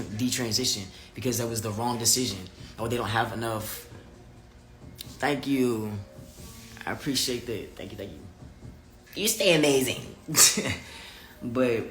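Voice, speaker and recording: Talking live to his viewers and going through their comments, a vlogger speaks openly and bluntly, swearing freely and hammering his points. His voice is medium-pitched, bright and pushing forward, animated and emphatic. Faint music runs under an echoey room.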